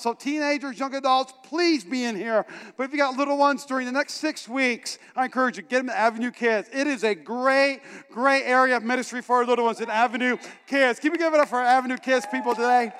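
A pastor preaches to his congregation, joking and animated and pulling the crowd in. His voice is a man's but strikingly high. It rings with the long reverb of a big church hall. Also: fairly quick, clear, resonant tone. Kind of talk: energetic sermon.

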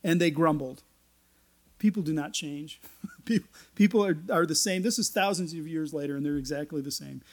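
A man's voice: fairly high pitch, normal speed. A man preaching a sermon, reading scripture aloud and explaining it in a conversational way with folksy, joking asides. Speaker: pastor.

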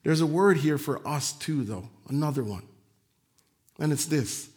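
A male pastor delivers a sermon with animation, acting out the voices he quotes. He swings between loud emphasis and quiet, soft asides, speaking unhurriedly in a slightly high voice.

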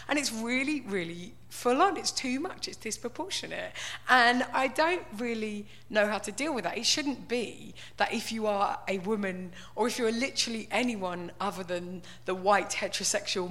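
A woman's voice: mid-range voice, expressive, normal speed, a bit bright. A woman giving a wry, conversational stand-up style talk full of "like" and "right?". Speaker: comedian.

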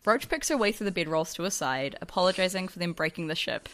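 A woman's voice: lowish voice, expressive, quick pace, a bit bright. A woman hosting a casual podcast, reading out a story summary and laughing between jokes. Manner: giggly, reads summary then jokes. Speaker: podcast host recapping a book.

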